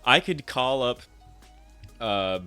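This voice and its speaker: A man's voice: mid-range voice, expressive, takes it slowly, sharp tone, smooth, soft background music. A man co-hosting a casual podcast, telling profane stories and acting out both sides of the exchange. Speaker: podcast co-host.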